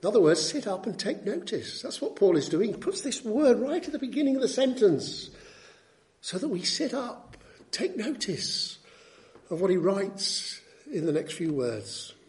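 A man's voice: sits high, sing-song, moderate pace, a little mellow. A man preaching an expository sermon, teaching in an emphatic, teacherly way and repeating key phrases for weight.

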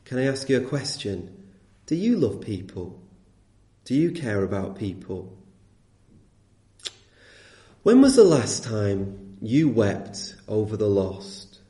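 Male preacher, earnest sermon delivery, mellow tone, echoey room. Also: on the low side, big pitch swings, slow, pauses often. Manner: earnest, emphatic, rhetorical questions.

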